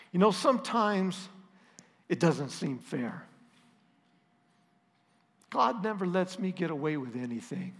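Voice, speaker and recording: Telling a story from the pulpit, this middle-aged pastor sounds easygoing and pokes fun at himself, talking to his people like friends. His slightly high voice has some vocal fry. A long reverb trails off through the church hall.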